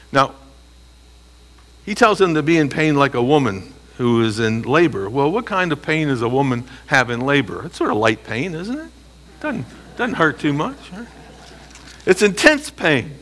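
A man leads a Bible study, reading scripture aloud, commenting between phrases, and emphatically answering his own rhetorical questions. His fairly high voice swings widely in pitch, sounds pushed and bright, and keeps a moderate pace.

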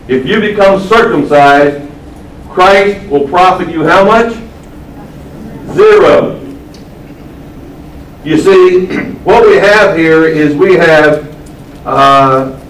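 A man preaching a sermon. He stresses key words by slowing down and asks the audience questions. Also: on the high side, a little hiss or hum. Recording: echoey room, mic at a distance.

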